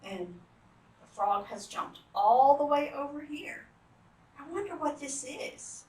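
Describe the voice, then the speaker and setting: A woman reads a picture book aloud to young children, her fairly high, bright voice swooping widely with gasps and exclamations. She takes her time over each page. She sits some way back from the mic in an echoing room. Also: slow pace, far from the mic. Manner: animated, gasping, exclaiming to young listeners. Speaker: children's storytime reader.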